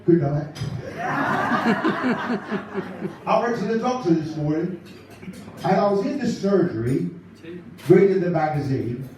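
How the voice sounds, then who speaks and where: Guy doing a nervy giggly comic rambling thru gags, high voice, super echoey hall way off mic. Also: animated, slow, long pauses, darkish tone, far from the mic. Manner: nervous laughing, rambling gag delivery. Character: giggly, rambling male stand-up comedian impression. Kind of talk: live stand-up impression. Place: live concert venue.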